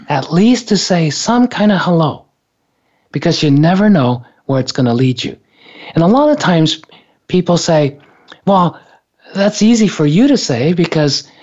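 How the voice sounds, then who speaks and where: A man's voice: a little high, darkish tone. A man casually telling a personal story in a rambling, hesitant way, often stopping and restarting. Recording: dull lo-fi recording.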